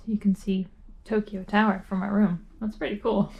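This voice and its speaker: A woman's voice: mid-range voice, flat delivery, moderate pace, vocal fry, slightly rough, dull audio. A woman vlogging while traveling, chatty and tired, laughing often as she narrates. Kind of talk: casual travel vlog narration. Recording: loud background noise.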